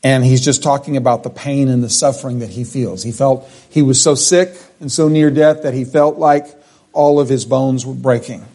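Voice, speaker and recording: A middle-aged man delivers a sermon, reading scripture and unpacking it line by line in a plain, teacherly way. His voice sits at an ordinary pitch with a warm, mellow tone. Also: fairly even intonation, moderate pace. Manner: expository, reads and explains scripture verse by verse. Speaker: preacher.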